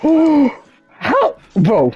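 A young woman playing a co-op game, excitable and giggly, calling her partner bro. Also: sits high, very slow, lo-fi sound, music in the background. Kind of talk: casual gaming chat.

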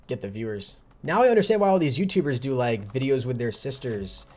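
Fast-talking young male streamer. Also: medium pitch, expressive, darkish tone. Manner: fast, chatty, reads viewer messages aloud. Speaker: gaming streamer. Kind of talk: casual live-stream chat.

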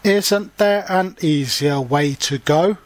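A man's voice: fairly high pitch, slow, dry recording. A man voicing an older male mouse who is out of breath, unwell and cross in a read-aloud storybook. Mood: breathless. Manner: panting, weary complaints.

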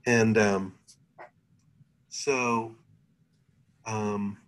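A man giving a university chemistry lecture over a video call, thinking aloud with many pauses and fillers. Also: lowish voice, steady tone, poor audio. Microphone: computer mic on a video call.

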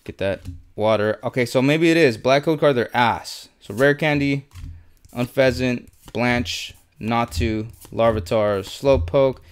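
A man's voice: medium pitch, unhurried, smooth. A young man in casual unboxing commentary, listing cards as he sorts them, swearing often and muttering his frustration. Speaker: YouTuber opening trading card packs.

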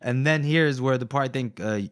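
A man's voice: medium pitch, a little fast, no echo, clean studio sound. A young adult man co-hosting a podcast, casually recapping a book and laughing often. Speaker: podcast co-host.

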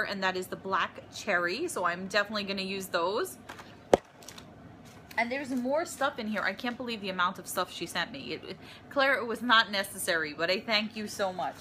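A woman's voice: mid-range voice, pushed and bright, a little hiss or hum. A woman filming a casual unboxing vlog in her apartment, gushing and emotional over each gift. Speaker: vlogger.

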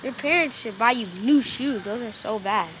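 A woman's voice: fairly high pitch, normal speed, fairly bright tone, slight background noise, lightly acted. A young woman acting as a mean, mocking girl bully in a playground skit, taunting and whiny. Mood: sneering. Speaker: actor in a family skit. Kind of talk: improvised home video skit. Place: outdoor playground.

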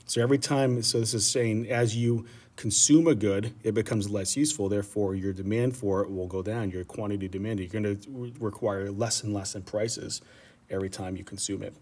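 A man's voice: lowish voice, fairly even intonation, brisk, a little mellow. A man teaching an economics lesson in a casual, rambling way, often checking in with "right?". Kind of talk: economics lecture.

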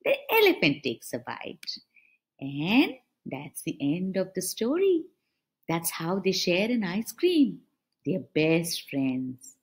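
A woman reading a picture book aloud to preschool children, animated and asking them questions as she goes. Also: fairly low pitch, slow pace, breathy edge. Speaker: preschool storyteller.

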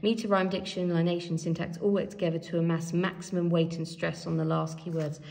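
Low, gravelly-voiced woman teacher thinking aloud. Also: flat delivery, brisk, a little mellow. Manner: thinks aloud, reads from a help sheet, many fillers. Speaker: English teacher. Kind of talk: revision tutorial while writing.

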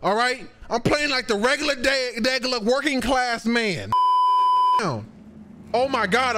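Young guy gaming and reacting, high voice, loud excitable outbursts, swears a lot. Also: measured pace, slight background noise. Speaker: gamer reacting to a video game. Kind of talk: game reaction commentary.

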